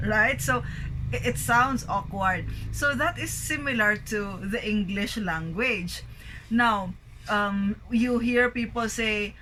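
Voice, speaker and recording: A woman's voice: fairly high pitch, pushed and bright, low-quality recording. A woman with a Filipino accent, teaching an English pronunciation lesson and drilling words one by one. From Philippines. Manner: slow, deliberate word drilling.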